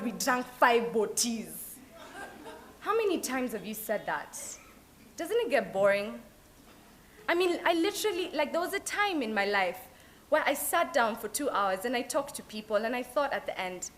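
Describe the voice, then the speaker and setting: Lively Kenyan woman, higher voice. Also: moderate pace, slight background noise. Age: young adult. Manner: lively, mixes in Swahili phrases. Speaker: alumna speaker. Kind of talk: motivational talk. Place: event hall at an open day.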